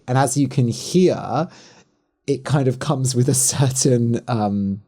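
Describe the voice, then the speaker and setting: A man's voice: medium pitch, slow, mellow. A man from the West Country with a Southern Standard British English accent. He hosts a podcast, explaining things to English learners in a chatty, frank way with many fillers. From West Country, England. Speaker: podcast host.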